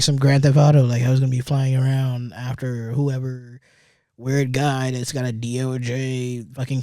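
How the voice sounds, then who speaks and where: A young man hosts a solo podcast from a studio, rambling through casual commentary full of swearing and sarcastic asides. His voice is mid-range, gravelly, and somewhat dark, with no echo.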